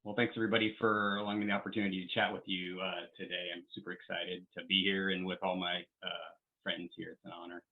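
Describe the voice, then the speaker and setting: A man giving a short presentation over a video call, opening quickly and with enthusiasm. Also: low voice, flat delivery. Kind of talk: lightning presentation. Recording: tinny phone-like audio.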